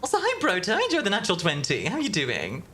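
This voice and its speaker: A woman streamer from Belgium with a deeper voice, chatting casually and giggling with her viewers. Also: wildly swooping pitch, fast talker. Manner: giggly, warm toward chat, chatty. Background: background music.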